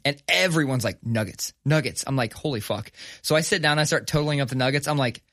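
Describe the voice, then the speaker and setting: A man, co-hosting a podcast, telling a story in casual chat, animated and profane, acting out the voices of people in his story. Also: medium pitch, brisk, no room sound, studio quality. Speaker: podcast co-host.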